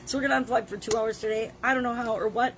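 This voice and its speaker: A woman's voice: fairly high pitch, steady tone, racing, a bit bright. A woman in her sixties with a cold and a scratchy throat, talking in a daily video journal in an emphatic, plain-spoken way, coughing now and then. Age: 60s. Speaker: vlogger.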